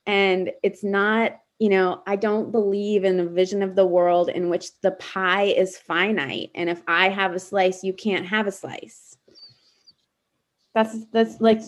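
A woman researcher as an interview guest, speaking casually and earnestly with many fillers. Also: medium pitch. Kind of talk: interview conversation.

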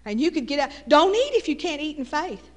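A woman's voice: sits high, big pitch swings, fairly quick, in a large hall. A middle-aged woman with a Texas Southern accent, preaching a folksy sermon with call-and-response asides.

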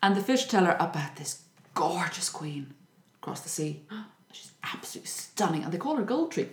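Lively woman telling a story. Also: on the low side, moderate pace. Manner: lively, acts out voices. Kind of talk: casual storytelling chat. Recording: echoey room.

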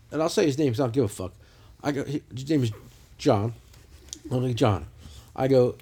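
Fast, profane man on a podcast. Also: on the high side, a little mellow, husky. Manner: profane, rambling storyteller. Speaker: podcast host. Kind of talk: casual chat. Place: lounge, lying on a couch.

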